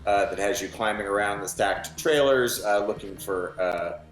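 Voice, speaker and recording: A man, a novelist, speaking in a documentary interview, relaxed and halting with many fillers. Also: fairly low pitch, soft background music. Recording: roomy echo.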